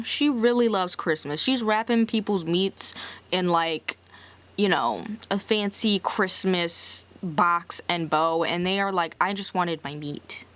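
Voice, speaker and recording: A young woman talks through a movie's plot in a loose, chatty recap, leaning hard on filler words. She drops sassy asides as she goes, and her voice sits at a comfortable middle pitch. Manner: chatty, heavy use of filler "like"; sassy side comments.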